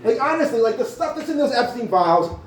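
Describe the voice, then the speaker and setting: A man's voice: very high voice, big pitch swings, quick pace. A man doing a rambling, profane stand-up comedy set in a small cafe venue, full of filler words. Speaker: stand-up comic. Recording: echoey room, mic from far off.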